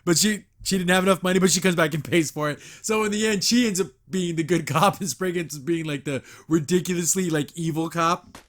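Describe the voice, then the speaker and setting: A man's voice: fairly high pitch, fairly quick. Man recapping a cartoon, laughing often. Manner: retells scenes, quoting characters, with frequent laughs. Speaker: podcast host. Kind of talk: casual episode review.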